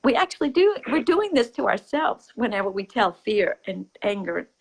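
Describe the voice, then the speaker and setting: A woman giving a reflective spiritual talk. She speaks softly and intimately, often sinking to a whisper, and laughs easily. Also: fairly high pitch, big pitch swings, moderate pace, gravelly, slightly rough, low-quality recording. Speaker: spiritual teacher.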